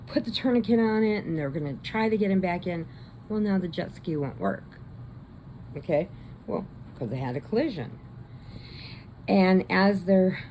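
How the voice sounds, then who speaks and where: A woman casually retelling a movie plot, chatty, slipping into quick voices for the characters. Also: deep voice, warm tone, slight background noise. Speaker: crochet vlogger.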